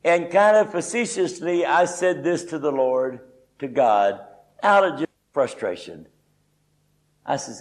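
A man's voice: mid-range voice, big pitch swings, unhurried, low-quality recording. Folksy, emphatic male preacher. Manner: emphatic, folksy, frequent "you know". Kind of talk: conversational sermon.

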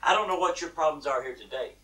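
Brief: animated male preacher, sharp bright tone, telling stories from the pulpit. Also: a little high, quick pace. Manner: folksy, animated, laughing at his own story. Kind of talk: sermon storytelling. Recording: distant mic.

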